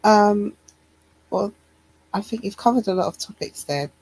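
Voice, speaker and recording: A woman joining a livestream panel as a guest, answering calmly and briefly. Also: medium pitch, measured pace, breathy edge, rough recording. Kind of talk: casual panel discussion.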